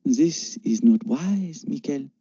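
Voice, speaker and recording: A secretive young French woman speaks in short, cold lines and does not waste words, a man putting her on. Her tone is raised above the reader's own and sounds dark and dull. The audiobook recording is dry and lo-fi. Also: a little high, lively intonation, slow pace, slightly rough, dry recording, voice pushed up, heavily acted. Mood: threatening. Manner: curt, guarded, quietly threatening. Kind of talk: audiobook character voice.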